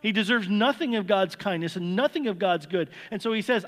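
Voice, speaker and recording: Male pastor, high voice, earnest sermon delivery with repeated words, long hall reverb. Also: fairly quick, fairly bright tone. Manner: earnest, repeats words when stressing a point.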